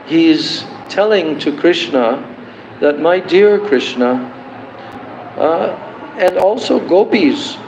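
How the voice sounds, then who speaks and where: A man giving a devotional lecture, slowly explaining and chanting song verses as a spiritual teacher. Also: on the high side, darkish tone, a little hiss or hum. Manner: slow and deliberate, chanting verses. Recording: roomy, dull, lo-fi livestream.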